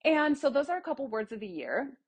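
A woman's voice: high-pitched, very animated, a little fast. A young woman hosting a casual solo podcast, chatty and rambling, explaining things through everyday examples. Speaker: podcast host.

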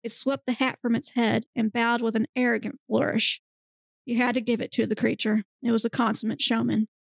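Woman podcast host reading aloud: deadpan, gravelly edge, dry close mic. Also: on the high side, brisk, no echo. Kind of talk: dramatic reading of erotic fiction.

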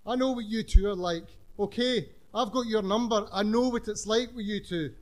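Man voicing a school janitor, middle-aged, gruff, warning, storybook, higher-pitched. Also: normal speed, lightly acted. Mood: scolding. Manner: scolding, warning.

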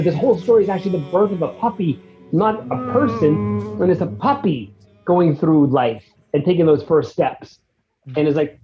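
Rambling, animated man in casual chat. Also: fairly high pitch, a little fast, dull audio, faint music behind. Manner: rambling and animated, restarts, acts out his reactions. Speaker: guest reviewing a music track.

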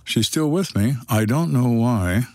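A man's voice: medium pitch, animated, unhurried, darkish tone, no room sound. An older man, a retired detective, telling stories from his life in a dry, matter-of-fact way. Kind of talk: storytelling monologue.

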